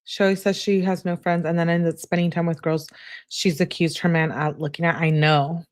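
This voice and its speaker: A woman's voice: fairly low pitch, flat delivery, normal speed, no echo, clean studio sound. A woman hosting a true-crime channel, reading text messages aloud and adding chatty asides between the lines.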